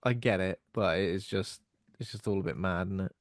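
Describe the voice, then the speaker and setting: Animated, sweary man on a podcast. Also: deep voice, a little fast, no room sound, studio quality. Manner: animated, swearing, mock impressions. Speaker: podcast co-host. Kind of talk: casual film discussion.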